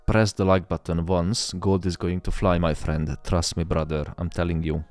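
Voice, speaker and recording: Man, very low voice, smooth, joking hype-man energy, loose and profane; close dry mic, faint music under. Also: level tone, normal speed, a little mellow, no echo. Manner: joking, hyped, swears freely. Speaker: trading livestream host. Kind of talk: casual live-stream chat.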